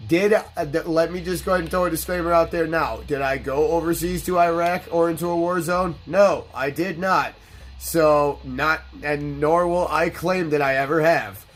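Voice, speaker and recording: A man's voice: a little high, fairly even intonation, normal speed, faint music behind. Blunt, profane man telling stories. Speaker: gaming channel host. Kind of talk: casual storytelling over gameplay.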